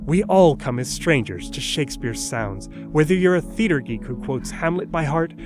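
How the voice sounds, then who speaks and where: A man's voice: a little high, expressive, normal speed, music in the background. A man giving scripted narration for an educational video in a playful, wry explaining manner.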